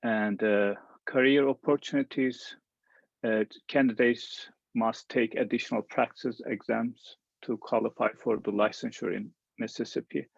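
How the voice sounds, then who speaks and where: Gravelly hesitant man, dull dry sound. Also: medium pitch, steady tone, measured pace, no echo. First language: Turkish. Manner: hesitant, with many "uh"s. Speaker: professor. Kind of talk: presenting a program in a webinar.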